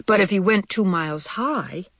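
A woman's voice: medium pitch, animated, normal speed, a bit bright, dry recording. A woman voicing a curious young boy mouse who asks eager questions, in a storybook reading. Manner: eager, inquisitive.

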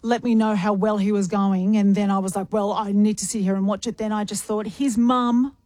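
A woman's voice: medium pitch, level tone, a little fast, mellow, no room sound. An Australian woman co-hosting breakfast radio, playful and reactive in casual banter. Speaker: radio co-host. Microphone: studio microphone.

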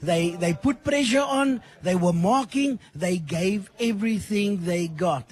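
Hoarse, high-voiced man. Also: unhurried, a little mellow, soft background music. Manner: enthusiastic, emphatic. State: hoarse, lost voice. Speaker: studio guest, teacher. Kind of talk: radio interview. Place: radio studio.

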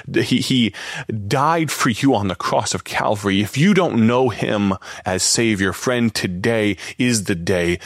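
A male radio preacher with a fairly low voice delivers an earnest sermon, pleading straight to the listener. The sound is dry and close, with no room around it. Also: a bit bright, no room sound.

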